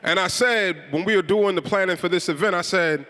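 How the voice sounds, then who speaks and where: A man's voice: sits high, fast, few pauses, bright, forceful tone. A man from Chicago with a Chicago accent, hosting a live event and rallying the crowd with call-and-response. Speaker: event host. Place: large event hall. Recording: reverberant hall.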